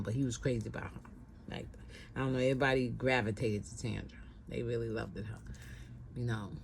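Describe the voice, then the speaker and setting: A woman's voice: extremely low pitch, mellow, slight background noise, low-quality recording. A middle-aged woman, telling a personal story in a casual, conversational way, repeating phrases and acting out what people said. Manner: conversational, repeats herself, acts out quotes.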